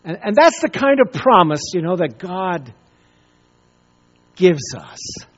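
Slow-speaking male pastor. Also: high-pitched, big pitch swings, muffled recording. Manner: storytelling with pauses and repeated words. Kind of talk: sermon.

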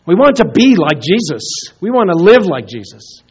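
A man preaching a sermon as pastor, earnest, often dropping to a hushed soft voice and repeating words as he searches for them. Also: high voice, sing-song, moderate pace, breathy edge. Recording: dull lo-fi recording.

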